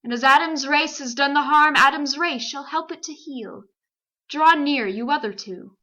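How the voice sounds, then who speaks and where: Solemn wise lion guy, a lady doing him for a storybook, slow and grave, bright dull lo-fi sound. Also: sits high. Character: great wise male lion, solemn and kind.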